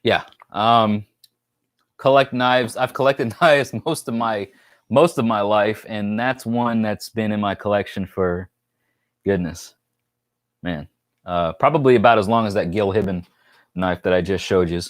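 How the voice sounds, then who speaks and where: A man's voice: on the low side, a little slow, dry recording, studio quality. A man from New York hosting a casual live stream, joking and rambling as he reads viewer comments aloud.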